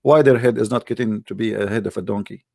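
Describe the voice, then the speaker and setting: A man's voice: lowish voice, fast, vocal fry, a little mellow, dry recording, clean studio sound. A man hosting a heated religious debate, arguing insistently in broken English. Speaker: host debating a caller.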